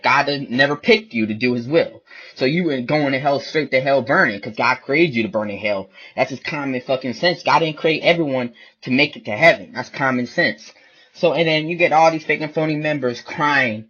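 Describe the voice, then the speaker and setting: Husky man in a profane preaching rant. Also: a little high, bright, forceful tone. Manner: blunt, profane, repetitive ranting. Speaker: online video preacher. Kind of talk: casual ranting monologue. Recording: dull lo-fi recording.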